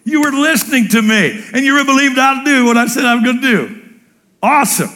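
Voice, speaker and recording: A man's voice: very high voice, expressive, moderate pace, pushed and bright, voice pushed up, heavily acted. A preacher playing a cheerful, delighted male God in a sermon, speaking in an eager, exclamatory way. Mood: jovial.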